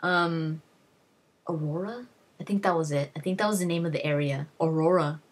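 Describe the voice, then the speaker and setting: A woman's voice: sits low, normal speed. A young woman vlogger casually retelling game moments, rambling with many fillers and restarts and acting out what characters said. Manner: rambling, lots of fillers and restarts, acts out quotes. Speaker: gaming vlogger. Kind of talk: casual storytelling.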